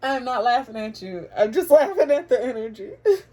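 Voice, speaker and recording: Woman tarot reader, casual and chatty, spiritual, quick to laugh, loose language. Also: fairly high pitch, sing-song, mellow. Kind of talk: casual tarot reading to camera.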